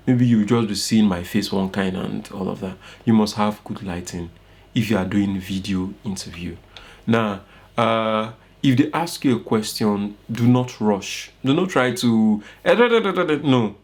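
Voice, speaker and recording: A man's voice: on the low side, a little mellow. A young man with a Nigerian accent teaching an informal online course, coaching his listeners and often checking "you get it?". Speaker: course instructor.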